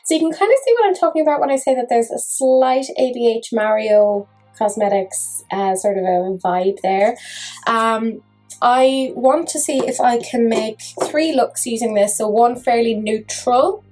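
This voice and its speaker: A woman's voice: fairly high pitch, measured pace, a little mellow, faint music behind, poor audio. Chatty woman reviewing makeup. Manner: chatty, self-mocking humor. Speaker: makeup vlogger.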